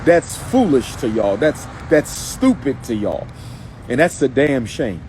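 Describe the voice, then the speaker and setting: A man's voice: mid-range voice, very animated, unhurried, darkish tone, a little hiss or hum, rough recording. A man giving an emphatic, repetitive, preacher-like live video monologue, speaking from in or near a car outdoors. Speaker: activist livestreamer.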